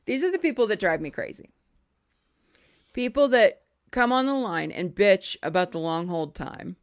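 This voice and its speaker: Woman podcast host with a lively voice that swings widely, blunt and quick to swear. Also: mid-range voice. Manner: animated and blunt, swears freely. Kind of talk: casual chat, reading listener stories aloud.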